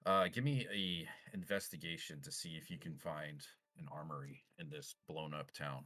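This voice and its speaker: Deep-voiced man running a tabletop game. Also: normal speed, sharp tone. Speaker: game master.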